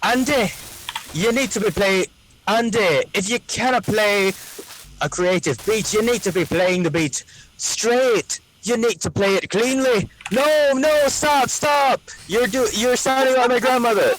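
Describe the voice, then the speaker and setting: A man putting on an exaggerated mock Scottish accent to play himself scolding a young drummer, loud and bossy. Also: sits high, unhurried, a little hiss or hum, voice pushed up, poor audio.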